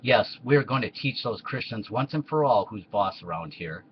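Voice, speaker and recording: A man's voice: fairly low pitch, animated, normal speed, muffled recording, a little hiss or hum, lightly acted. A man voicing a boastful, cruel Roman emperor in a comedy skit. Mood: bossy.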